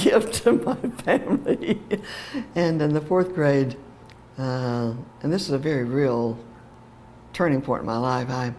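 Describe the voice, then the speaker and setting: An older woman, a teacher educator, telling a heartfelt personal story in an animated way, with fillers and laughter. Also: a bass voice, a little hiss or hum.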